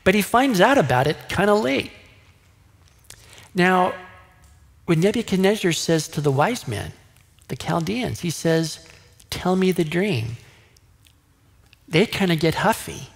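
A man's voice: high-pitched, expressive, measured pace, gravelly, pauses often. A male pastor preaching a sermon in a conversational way, now and then acting out the voices of people in the story. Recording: long hall reverb.

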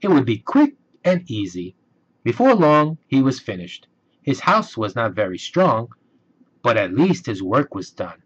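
A man reading a children's storybook aloud, slow and expressive. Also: medium pitch, breathy edge. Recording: dull lo-fi recording.

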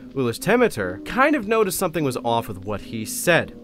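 A man's voice: mid-range voice, huge pitch swings, brisk, a bit bright. A man hosting his own channel, explaining lore in a casual, enthusiastic, rambling way. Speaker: channel host. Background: faint music.

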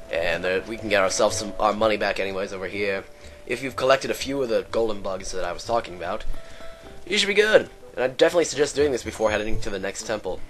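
Man, lowish voice, let's play commentary, rambling, sarcastic jokes. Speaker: let's player. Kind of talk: joking gameplay commentary.

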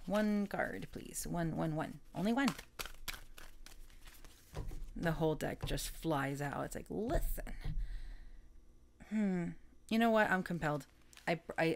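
A woman's voice: low voice, a little hiss or hum. A woman giving a casual, chatty tarot reading, rambling, self-correcting and often breaking into laughter. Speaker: tarot reader.

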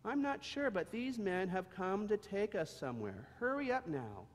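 A man's voice: sits high, big pitch swings, moderate pace, voice pushed up. A man voicing a protective mother donkey who urges her young one along. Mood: urgent. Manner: urgent, coaxing. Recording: long echo of a large hall.

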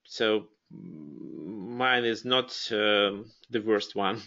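A man's voice: lowish voice, drawn-out words, vocal fry, bright, forceful tone, highs cut off. A man with a Russian accent hosting a live webinar, speaking hesitantly with many fillers and restarts. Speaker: webinar host.

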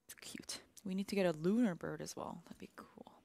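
A woman's voice: lowish voice, normal speed, vocal fry, mellow. A woman from Canada, a community manager chatting casually while streaming a video game, playful and giggly, sometimes dropping to a whisper. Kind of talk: casual gameplay chat.

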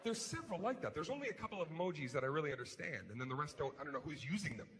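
A man performing a stand-up comedy routine on stage, animated, swinging between hushed mutters and shouted rants. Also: on the high side, very fast. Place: large comedy venue. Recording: live hall with crowd noise. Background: audience laughter.

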